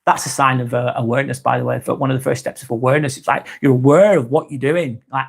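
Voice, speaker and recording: A man's voice: medium pitch, fairly even intonation, quick pace, gravelly, husky. A man hosting a live vlog, answering chat in a rambling, frank way, swearing often and restarting sentences. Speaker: host.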